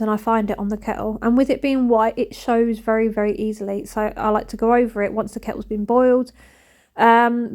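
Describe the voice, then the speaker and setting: A woman's voice: a little high, darkish tone. A woman in her thirties, chatting frankly and rambling as she narrates her home cleaning. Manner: rambling, frank, self-mocking. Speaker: cleaning vlogger. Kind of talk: casual chatty voice-over while cleaning.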